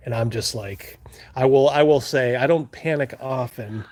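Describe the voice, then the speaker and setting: Here a man hosting a live stream talks in a mid-range voice at normal speed, telling his chat stories in a casual manner. Rambling and laughing, he plays up his panicked moments out loud.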